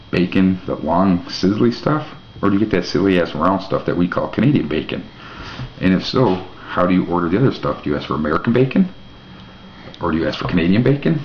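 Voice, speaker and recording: A man hosting his own vlog, rambling through mock-naive questions with dry jokes. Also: sits low. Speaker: vlog host. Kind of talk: casual rambling monologue to camera. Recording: echoey room, dull lo-fi mic, faint hiss.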